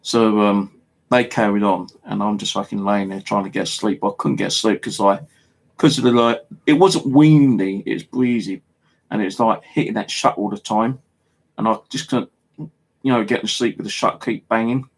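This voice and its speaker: Low gravelly English bloke, casual storytelling vlogger, loose and rambling, lots of fillers and swearing. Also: male voice, steady tone, normal speed. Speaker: paranormal vlogger. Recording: home video monologue.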